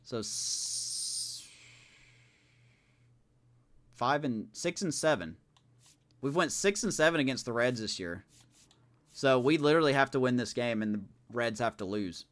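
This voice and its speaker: A man's voice: medium pitch, measured pace, long pauses. A man streaming a baseball video game live, reacting casually and with exasperation as he plays. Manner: animated, talks to himself, exasperated reactions. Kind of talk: casual live gameplay commentary.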